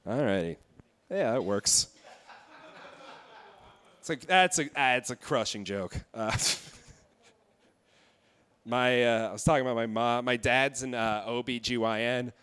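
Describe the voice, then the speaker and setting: A young man in his twenties doing a stand-up set in a comedy club, delivering dark jokes in a deadpan way with halting fillers. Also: medium pitch, clean tone. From Indiana.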